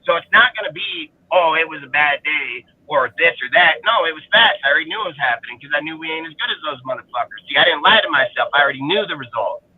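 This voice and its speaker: A man's voice: a little high, lively intonation, fast, few pauses, a little hiss or hum. A man ranting heatedly about his football team in profane fan commentary. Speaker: fan show panelist. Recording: phone-like call audio, dry.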